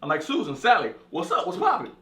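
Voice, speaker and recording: A man's voice: high voice, fast talker, reverberant. A man telling a profane comic story as a monologue, acting out the people in it. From California. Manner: animated, profane, acts out voices. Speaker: comedian storyteller.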